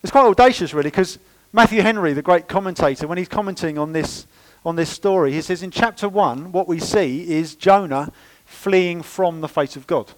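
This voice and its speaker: A man delivers a sermon in church with a fairly high voice. He preaches in a lively, chatty way and drops playful asides to the congregation. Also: normal speed, few pauses, rough recording. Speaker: pastor.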